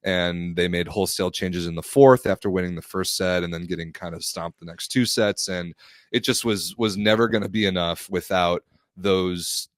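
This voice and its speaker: Low-voiced blunt podcast co-host man. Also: dry recording, clean studio sound. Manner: blunt, scoffing, opinionated. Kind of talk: casual sports podcast chat.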